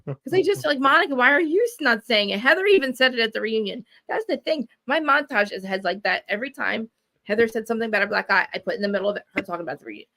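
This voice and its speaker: A young woman co-hosting a casual chat, animated, swearing and acting out quotes. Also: on the high side, very fast. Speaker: podcast co-host.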